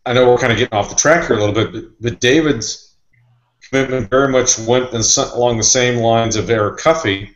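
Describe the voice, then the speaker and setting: A man's voice: mid-range voice, a little fast, echoey room, muffled recording. A man who reports on sports recruiting, talking in a loose, rambling, conversational way. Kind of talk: casual podcast chat.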